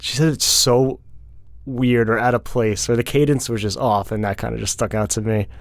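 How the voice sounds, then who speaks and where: Man, mid-pitched, podcast co-host, casual chat, rapid bursts, dry close sound. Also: fairly even intonation, dry recording. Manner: rapid bursts, many "like" fillers.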